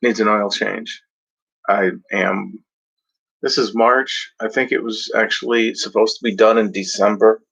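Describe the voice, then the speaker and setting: A man's voice: lowish voice, fairly even intonation, unhurried, vocal fry, a bit bright, breathy edge. A man in a rambling, profane vlog rant, talking casually at home in front of a blanket. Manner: rambling, profane, mock-voices other drivers. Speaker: vlogger. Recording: dull lo-fi home recording.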